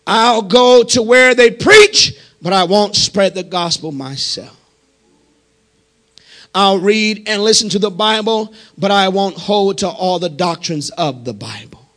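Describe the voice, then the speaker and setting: A man preaching a sermon as pastor, impassioned and building to shouts. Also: sits high, lively intonation, a little slow.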